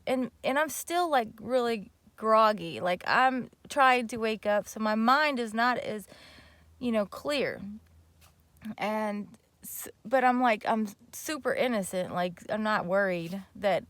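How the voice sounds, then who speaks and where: A woman's voice: a little high, takes it slowly, a bit bright, no room sound. A young woman vlogger telling a story casually and animatedly, with many fillers and restarts.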